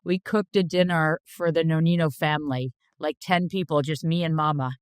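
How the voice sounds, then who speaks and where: A woman in her fifties tells stories from her cooking career in a relaxed interview. Her voice is smooth and even, recorded dry and close with no room around it. She talks bluntly and chattily, with plenty of "like" fillers and the odd swear word. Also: deep voice, moderate pace, no echo. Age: 50s. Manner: chatty, animated anecdotes with frequent "like" fillers. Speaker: chef, interview guest. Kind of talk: casual interview storytelling.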